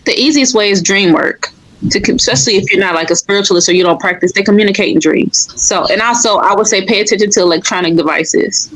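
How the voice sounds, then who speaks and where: A woman with an ordinary mid-pitched voice, talking as a medium on a podcast. She speaks earnestly and casually, dropping "like" into her sentences. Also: fast talker, fairly bright tone, rough recording. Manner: earnest, leans on "like" as a filler.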